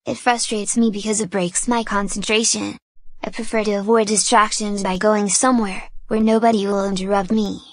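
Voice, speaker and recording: A woman reading scripted sample answers as an exam candidate, clear and composed. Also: medium pitch, little pitch movement, moderate pace, no room sound.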